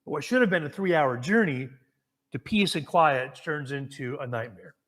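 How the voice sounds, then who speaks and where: An American man delivers a sermon in a light, high-pitched voice. He tells the story conversationally, asking his listeners questions and often restarting his words. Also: expressive, normal speed, fairly bright tone. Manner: storytelling, asks the congregation questions. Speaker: preacher.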